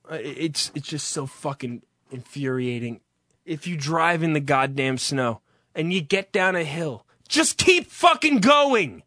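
Fed up guy ranting and cursing, high bright voice, dry sound. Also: no room sound. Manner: exasperated, heavy swearing. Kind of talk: profane comic rant.

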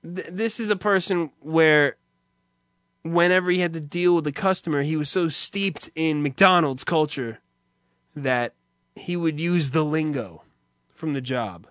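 A man with a high, bright, sharp voice rambles through profane stories and laughs as he talks. The sound is dry and close. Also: unhurried, no room sound. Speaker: streamer host. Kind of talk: casual profane monologue.

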